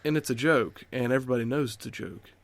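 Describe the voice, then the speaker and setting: A man's voice: medium pitch, fairly even intonation, fast. Earnest young man ranting on a podcast. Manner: earnest, self-deprecating, ranting. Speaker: podcast co-host. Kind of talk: casual podcast chat.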